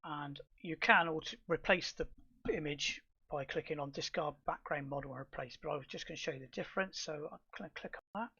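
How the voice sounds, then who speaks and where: A middle-aged man calmly explaining software steps in a tutorial, with fillers and restarts. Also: a little high, a little fast, creaky, slightly rough, highs cut off. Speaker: astrophotography tutor. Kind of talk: screen-recorded software tutorial.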